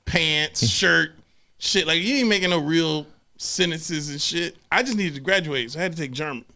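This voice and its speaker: This man co-hosts a casual podcast, and his voice is bright and sits on the high side. He tells stories in slangy, profane talk and acts out the other people in them with plenty of laughter. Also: normal speed. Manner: animated, laughing storyteller acting out voices. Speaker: podcast co-host. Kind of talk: casual chat, storytelling.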